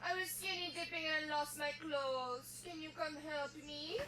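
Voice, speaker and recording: A slow, high-voiced slasher villain. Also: female voice, a little hiss or hum. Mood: luring. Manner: deadpan, mocking quips. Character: taunting murderous woman villain in slasher film.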